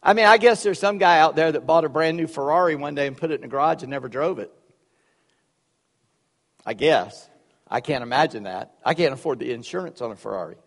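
A male pastor preaching a sermon in a church, animated and conversational, with humorous asides. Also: fairly high pitch, fairly quick, long reverb tail.

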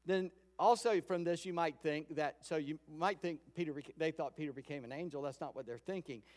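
A pastor giving a sermon in a conversational storytelling way, acting out quoted lines. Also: male voice, a little high, brisk. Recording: long hall reverb.

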